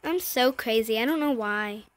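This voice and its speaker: A woman's voice: a little high, normal speed. A woman YouTuber giving chatty, scattered, self-mocking commentary while playing a mobile game.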